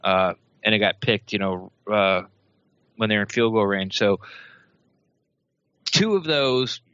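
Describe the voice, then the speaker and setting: A man's voice: fairly low pitch, expressive, unhurried, fairly bright tone, clean tone, no echo. A man co-hosting a sports podcast in casual, rambling chat full of fillers. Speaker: podcast co-host. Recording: dull, dry lo-fi podcast audio.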